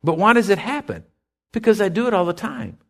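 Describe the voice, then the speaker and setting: Animated folksy preaching man. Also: sits high, a little fast. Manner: folksy, conversational preaching with asides and questions to listeners. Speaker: pastor. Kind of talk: sermon.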